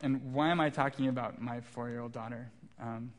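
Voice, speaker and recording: Pastor dad telling a sermon story. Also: male voice, mid-range voice, fairly even intonation, moderate pace. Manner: warm storytelling with self-deprecating humor. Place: church sanctuary.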